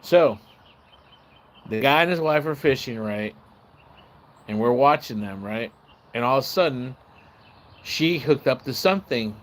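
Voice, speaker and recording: A man livestreaming, telling a long casual story in a rambling, profane way and acting out the shouts and voices of the people in it. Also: mid-range voice, animated, measured pace, long pauses. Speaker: live streamer. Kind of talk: casual storytelling on a live stream.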